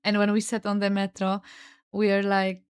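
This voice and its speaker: A woman's voice: mid-range voice, monotone, moderate pace, clear, resonant tone. Chatty woman with a Polish accent. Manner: chatty, lots of "like" and "no?" tags, swears freely. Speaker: podcast host. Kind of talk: casual storytelling monologue.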